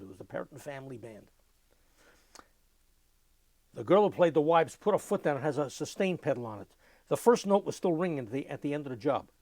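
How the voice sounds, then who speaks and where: Gravelly older man telling stories. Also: a little high, no echo. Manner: lively anecdotal, mimics music with vocal sounds. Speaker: interviewee. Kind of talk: oral history storytelling.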